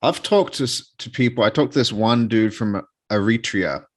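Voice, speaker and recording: Male podcast host, lower pitch, laid-back and profane, casual chat. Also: normal speed.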